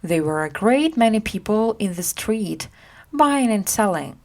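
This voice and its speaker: A woman reading a simplified classic story aloud for English learners, acting out the characters as she goes. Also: a little slow. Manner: acts out characters with lively pitch.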